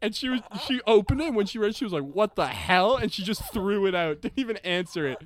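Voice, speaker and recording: A man's voice: high voice, quick pace. A man co-hosting a casual podcast, telling stories with lots of laughter and acting out what people said. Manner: laughs often, animated storytelling with acted-out quotes. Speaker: podcast co-host.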